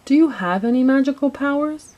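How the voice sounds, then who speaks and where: A woman voicing a helpful little boy who answers eagerly and calls out commands with excitement, in a storybook reading. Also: mid-range voice, normal speed, lo-fi sound, lightly acted. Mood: excited.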